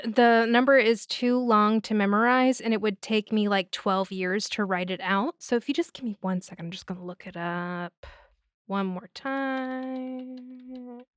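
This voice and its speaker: A woman hosting a podcast, recapping a film in a casual, excitable way, swearing often and laughing between lines. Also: mid-range voice, clean tone, no room sound, clean studio sound. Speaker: podcast host.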